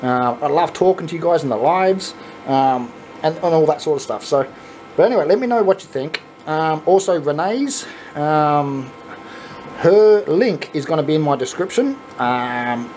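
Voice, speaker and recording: Excitable Australian man, casual vlog. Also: on the high side, normal speed, slight background noise, rough recording. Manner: excitable, laughing, swears casually. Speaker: channel host. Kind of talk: casual video chat to viewers.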